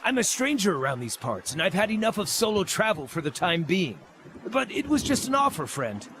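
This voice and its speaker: A man's voice: high voice, brisk, slight background noise. An actor voicing a cheerful, curious small male orlan druid in a video game, speaking in a playful, relishing way. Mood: earnest. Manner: playful, relishing, lively storytelling.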